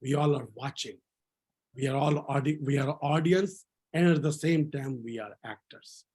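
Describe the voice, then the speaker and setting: A man leading a laughter yoga session over a video call, energetic and repeating his phrases for the group to echo. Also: mid-range voice, moderate pace, slightly rough.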